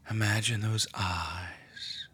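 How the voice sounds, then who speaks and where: A man leading a guided prayer meditation, speaking slowly and softly and often dropping to a whisper. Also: fairly low pitch, steady tone, slightly rough. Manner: slow, hushed, often whispering. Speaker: prayer leader.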